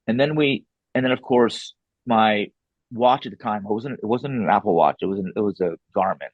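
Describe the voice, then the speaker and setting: A man's voice: lowish voice, moderate pace, no room sound, lo-fi sound. A man talking as an author and podcast guest, telling a story casually, acting out what people said, with blunt, salty wording. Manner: animated, re-enacts dialogue, blunt and salty.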